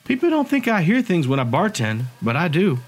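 A man's voice: high voice, wildly swooping pitch, brisk, faint music behind, pitched above the performer's own voice, heavily acted. Emmeline, a man voicing a blunt young barkeep. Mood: matter-of-fact. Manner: blunt, casual, folksy. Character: sharp-tongued young woman bartender and hacker.

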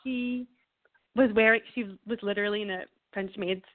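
A woman's voice: medium pitch, steady tone, normal speed. Enthusiastic woman host over a phone-like line. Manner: warm, enthusiastic, many fillers and laughs. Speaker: podcast host. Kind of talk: casual conversational interview. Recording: phone-like audio.

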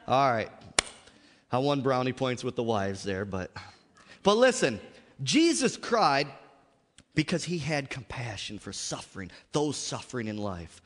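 A man's voice: mid-range voice, very animated, measured pace, in a large hall. A man preaching a sermon to a congregation, repeatedly calling out "Amen?" and asking the audience questions. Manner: call-and-response, frequent "Amen?" and "How many of you know". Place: church sanctuary.

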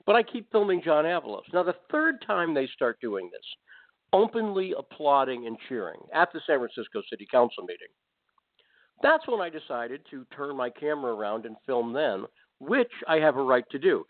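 A man's voice: mid-range voice, very animated, moderate pace. A man hosting a talk radio show, telling a story with sarcastic, rambling asides. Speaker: radio host. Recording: phone-like narrow band audio.

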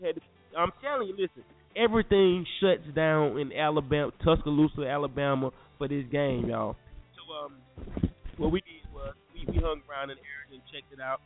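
Young guy on a podcast, kinda high voice, sounds like it's over the phone w/ faint music. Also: moderate pace, phone-quality sound. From North Carolina. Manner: animated, slangy, addresses listeners as y'all. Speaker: podcast host. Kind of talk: casual storytelling.

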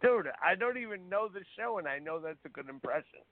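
A man's voice: high-pitched, lively intonation, brisk, a loud crowd. A man chatting bluntly and rambling on a call-in radio show, heard over a phone-line connection. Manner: blunt, rambling, repeats himself. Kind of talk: casual chat.

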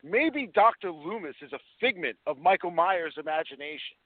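A man's voice: fairly high pitch, expressive, moderate pace, no echo. A man co-hosting a horror podcast, rambling through theories and swearing in casual chat. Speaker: podcast co-host. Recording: dry phone-like line.

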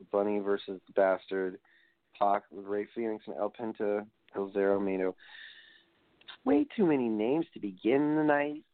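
A man's voice: lowish voice, no echo. A man hosting a casual solo wrestling review show, rambling and digressing as he reads results aloud. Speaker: wrestling podcast host. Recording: tinny phone-like dry sound.

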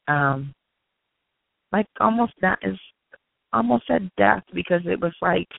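Gravelly-voiced woman on a phone line. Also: low-pitched, no echo. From Annapolis, Maryland. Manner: animated, acts out dialogue. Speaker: guest. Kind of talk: personal storytelling in an interview. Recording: tinny phone-line sound.

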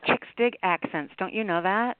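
A woman's voice: mid-range voice, moderate pace, noisy background. A woman hosting a call-in radio show, chatting casually and laughing easily with callers. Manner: warm, giggly, chatty with callers. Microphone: phone. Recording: tinny phone line.

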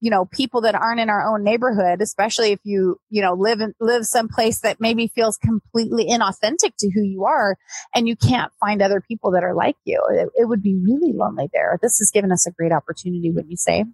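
A woman's voice: mid-range voice, quick pace, a little mellow, breathy edge, no echo, rough recording. A woman hosting a live-streamed interview, chatting loosely with many restarts. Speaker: host.

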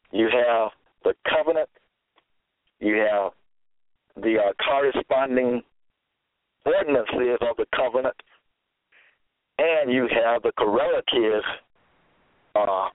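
A man preaching a sermon slowly and emphatically, his pitch swinging widely as he stresses words. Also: no room sound. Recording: tinny phone line, dry.

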